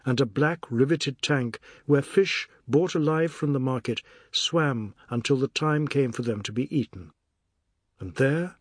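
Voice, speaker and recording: A man reading a literary novel aloud as an audiobook narrator, measured and even. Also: mid-range voice, dry recording, studio quality.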